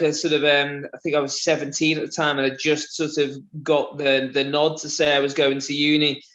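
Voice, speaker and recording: A man from Liverpool in his thirties with a mixed, softened Scouse accent, chatting casually in an interview with lots of fillers and restarts. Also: a little high, lo-fi sound. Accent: mixed Liverpool, southern English and Australian. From England, Liverpool. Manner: rambling, many fillers and restarts, laughs often. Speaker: interview guest, runner.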